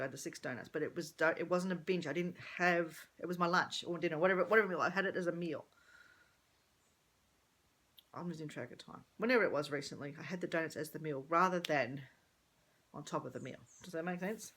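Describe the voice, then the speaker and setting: In a rambling personal vlog, a middle-aged woman with a low-pitched, somewhat bright voice speaks candidly. She thinks out loud and corrects herself along the way.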